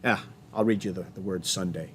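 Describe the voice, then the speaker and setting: A man's voice: sits low, fairly quick, a bit bright, slight background noise. A man giving a remote college lecture over a video call, chatty, often restarting his sentences and telling corny jokes.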